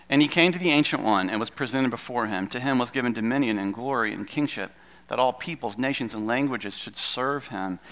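A male pastor giving a sermon, conversational and full of rhetorical questions, reading scripture slowly and deliberately. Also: medium pitch, fairly bright tone.

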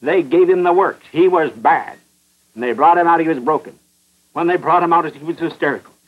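A man's voice: a little high, brisk, husky. A man preaching a fervent sermon, hammering his points with repetition and rhetorical questions. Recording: muffled old radio broadcast.

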